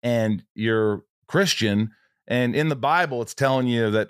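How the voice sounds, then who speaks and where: A man hosting a casual interview, blunt and quick to swear. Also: mid-range voice, smooth, no room sound, clean studio sound. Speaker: podcast host.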